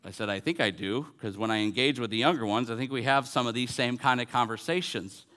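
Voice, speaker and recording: A man's voice: mid-range voice, fast, bright, forceful tone. A man in his forties, a pastor, preaching a sermon in an earnest way, repeating phrases and building to emphatic peaks. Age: 40s.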